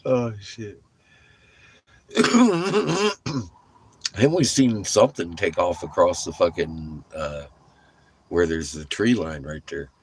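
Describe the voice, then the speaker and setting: A man's voice: low-pitched, expressive, takes it slowly, slight background noise. A middle-aged man telling a rambling, casual story, swearing freely and laughing often. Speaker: vlogger.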